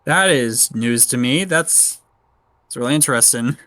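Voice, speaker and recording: A man with an ordinary mid-range voice co-hosts a relaxed podcast. He chats easily and keeps the talk moving with quick, friendly reactions. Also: medium pitch, dry recording. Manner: easygoing, short reactions and backchannels. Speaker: podcast co-host. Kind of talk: casual podcast chat.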